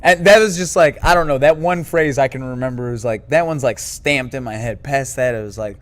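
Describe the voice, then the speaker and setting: A man's voice: mid-range voice, fairly quick, fairly bright tone. Profane man from St. Louis chatting. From St. Louis, Missouri. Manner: profane, emphatic. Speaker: podcast co-host. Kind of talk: casual chat.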